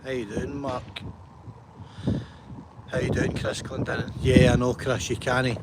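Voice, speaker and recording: A man's voice: medium pitch, monotone, measured pace, heavy background noise. A man vlogging to camera, chatty and enthusiastic, often checking in with "right?". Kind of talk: walking vlog talk to camera.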